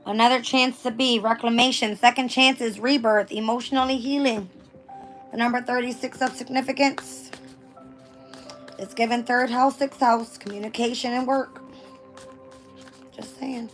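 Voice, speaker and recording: Hoarse-voiced woman giving a tarot reading. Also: a little high, steady tone, normal speed, pauses often, a bit bright, soft background music. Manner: reads passages aloud then riffs casually, swears. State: hoarse, losing her voice. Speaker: tarot reader. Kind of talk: casual collective tarot reading.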